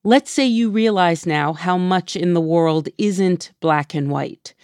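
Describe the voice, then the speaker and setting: A woman hosting a podcast, narrating from a script and interviewing in a measured, deliberate way. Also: lowish voice, darkish tone, smooth, dry recording, clean studio sound. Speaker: podcast host.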